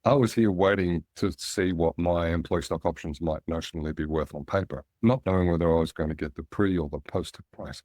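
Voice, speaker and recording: A middle-aged Australian man, a guest in an interview, telling relaxed anecdotes and animating the voices of people he quotes. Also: low-pitched, fairly quick, hardly any pauses, no room sound, studio quality. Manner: anecdotal, animated when quoting others. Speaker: guest, angel investor.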